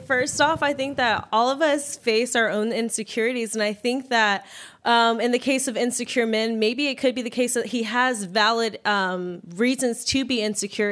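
A woman's voice: fairly high pitch, a bit bright. A woman from the audience giving her view at a live podcast, speaking thoughtfully and evenly with a few fillers. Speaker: audience member guest.

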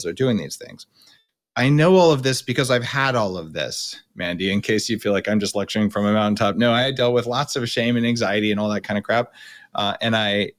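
A middle-aged man hosting a podcast, coaching his guest and explaining at length in a blunt, casual way. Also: lowish voice. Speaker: podcast host. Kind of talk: coaching conversation.

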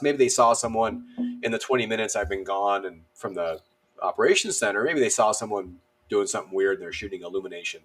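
A man's voice: fairly low pitch, fast talker, a bit bright. A man on a podcast, telling a story casually and animatedly, with a self-deprecating humor and many fillers. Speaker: podcast guest.

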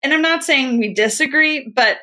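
A woman's voice: sits high, moderate pace, bright, forceful tone. A woman co-hosting a podcast in casual chat, reassuring and summing up points.

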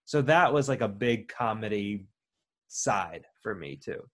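A man's voice: fairly low pitch, animated, unhurried. A man co-hosting a podcast, chatting loosely about a film with restarts and filler words. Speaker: podcast co-host. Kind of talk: casual chat about a film.

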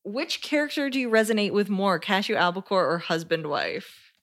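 A woman's voice: mid-range voice, normal speed, fairly bright tone, a little hiss or hum. A woman co-hosting a podcast in casual chat, easygoing, laughing often and reading out listener questions. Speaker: podcast co-host.

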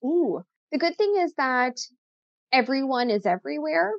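A woman's voice: sits high, animated, normal speed, vocal fry, dry recording. Chatty upbeat woman, slightly muffled. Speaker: podcast guest, content coach. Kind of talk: casual interview chat.

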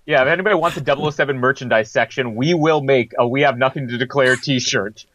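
A man's voice: mid-range voice, quick pace, a bit bright, dry recording, lo-fi sound. A man co-hosting a film podcast, complaining wryly and in disbelief. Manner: incredulous, wry complaining. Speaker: podcast co-host. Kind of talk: casual chat.

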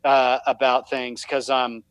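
A man's voice: mid-range voice, level tone, slow pace, a bit bright, smooth, no echo, rough recording. Man, podcast guest, rambling storyteller, self-deprecating, dry close sound. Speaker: podcast guest, fatherhood writer. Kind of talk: casual podcast conversation.

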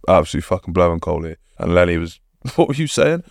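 Young bloke, low voice, quick and blunt, laughs a lot, dry close sound. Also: male voice, sing-song, creaky, dry recording. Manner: fast, blunt, swears, laughs often. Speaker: podcast guest. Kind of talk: casual chat.

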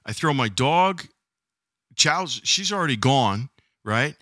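An excitable man spins a story in casual chat, his voice leaping up and down with every turn. His tone is bright and cutting, recorded dry and close to the mic. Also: mid-range voice, takes it slowly, no echo. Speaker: storyteller being interviewed.

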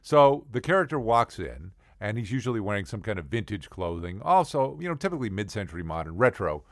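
A man's voice: on the low side, sing-song, brisk, dry recording, studio quality. A man telling rambling comic stories in a casual monologue, full of digressions. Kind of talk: comedic storytelling monologue.

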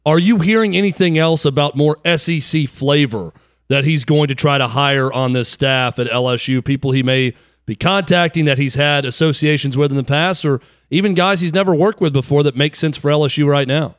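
A man's voice: fairly high pitch, brisk, smooth, dry recording. Sports radio host guy asking long winded questions, dry close mic. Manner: asks long, detailed questions. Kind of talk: sports talk interview.

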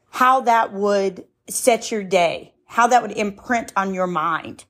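A woman's voice: medium pitch, expressive, measured pace, few pauses. A middle-aged woman hosting a motivational podcast, speaking earnestly and emotionally, moved to tears at times. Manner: warm, emotional, earnest, cries easily. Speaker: podcast host.

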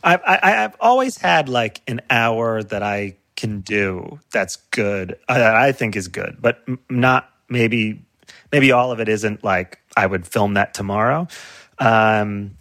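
A man's voice: fairly low pitch, animated, slow pace, a bit bright, no room sound. Dry-sounding laughing comedian man. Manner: laughing, riffing, acts out quoted voices. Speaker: comedian guest. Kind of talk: casual chat.

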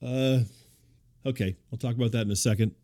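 A man hosting a comedy radio show, talking in a calm, deadpan, placating way. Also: medium pitch, a little fast. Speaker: radio host.

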